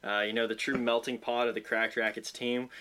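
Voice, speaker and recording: A man co-hosting a casual tennis podcast, excitable and quick to laugh. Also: medium pitch. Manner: excitable, laughs often, lots of fillers. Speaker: podcast co-host. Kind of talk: casual sports podcast chat.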